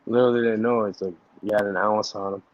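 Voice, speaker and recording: A man's voice: fairly low pitch, fairly even intonation, quick pace, no echo, muffled recording. A man in a casual chat, telling stories loosely with constant swearing and filler words. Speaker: chat partner.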